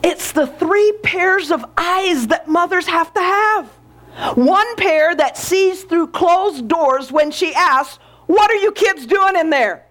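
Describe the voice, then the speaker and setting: A woman's voice: extremely high pitch, expressive, slow, a bit bright, pitched above the performer's own voice, heavily acted. A woman reading as God the proud creator. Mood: eager.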